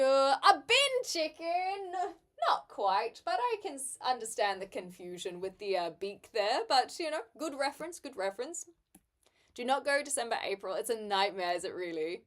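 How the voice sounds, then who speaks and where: A young woman from New Zealand, a streamer chatting casually with live viewers from her bedroom and reading chat aloud with frequent giggles. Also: medium pitch.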